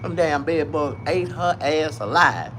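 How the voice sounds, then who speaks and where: A man telling a comic story in a profane, rambling, animated way. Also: a little high, measured pace, a little hiss or hum.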